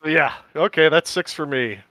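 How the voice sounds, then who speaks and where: A man co-hosting a podcast in casual chat, enthusiastic and quick to laugh. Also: fairly high pitch, bright, forceful tone, dry recording. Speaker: podcast co-host.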